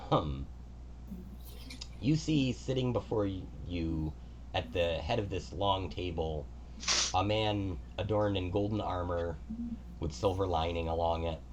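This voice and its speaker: A man's voice: low voice, slow, a little mellow, slight background noise. A man narrating as game master of a tabletop game in a casual, descriptive way.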